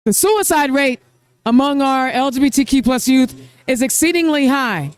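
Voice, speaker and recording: A woman's voice: sits high, animated, moderate pace, smooth, dry recording. A middle-aged woman from Indiana, hosting a podcast interview on location at a campaign event, talking in an emotional, effusive way. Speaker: podcast host. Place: event venue.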